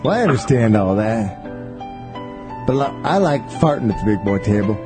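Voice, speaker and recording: A man's voice: on the low side, expressive, normal speed, music in the background. A man hosting a radio show, joking and rambling in casual profane banter from the studio. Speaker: radio host.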